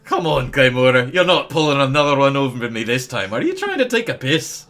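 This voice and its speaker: Man putting on a loud bearded tavern keeper. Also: mid-range voice, big pitch swings, fairly quick, soft background music, pitched above the performer's own voice. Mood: rowdy. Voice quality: put-on rough British-style accent, slipping. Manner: loud, jokey, accusing. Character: gruff bearded male tavern keeper, pushy. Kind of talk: tabletop game voice acting.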